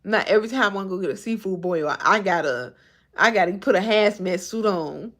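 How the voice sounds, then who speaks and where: This twenty-something woman has a mid-range voice and speaks fairly quickly. Hailing from the Chicago suburbs and carrying the local accent, she's livestreaming in a relaxed, lively way, talking back to the people in her chat.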